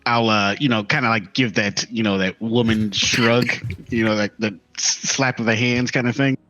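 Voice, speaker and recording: A man's voice: fairly low pitch, fairly even intonation, normal speed, fairly bright tone, dry recording, rough recording. A man playing a tabletop game, talking casually and hesitantly with many fillers. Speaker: player.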